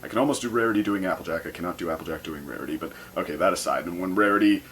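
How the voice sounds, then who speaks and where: A man's voice: deep voice, racing, a bit bright, slight background noise. A man casually reviewing a cartoon episode, rambling and hesitant, often amused.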